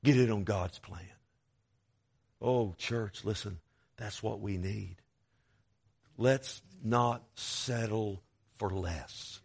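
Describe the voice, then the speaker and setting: A man's voice: on the low side, very slow, creaky, long pauses, husky. Preaching man with rising, swelling delivery. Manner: preaching with swells of volume and sudden drops; quotes scripture aloud. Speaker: pastor. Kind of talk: sermon.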